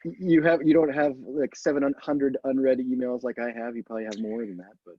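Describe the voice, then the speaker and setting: A man's voice: medium pitch, steady tone, a little fast, dry recording, lo-fi sound. A man hosting a live online event from home, casual and chatty with lots of fillers and laughs. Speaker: host. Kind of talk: casual live-stream chat.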